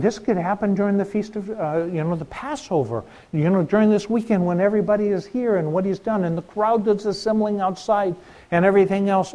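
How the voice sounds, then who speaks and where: A man's voice: high voice, warm tone. A middle-aged man preaching a sermon in a conversational way, asking the congregation questions.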